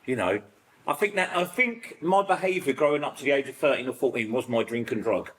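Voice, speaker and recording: A middle-aged British man with a British accent, sharing childhood stories in a recovery group, rambling and animated with lots of fillers. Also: medium pitch, a little fast, low-quality recording. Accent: British English. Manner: rambling, animated storytelling full of fillers and acted-out quotes. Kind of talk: personal sharing in a support group.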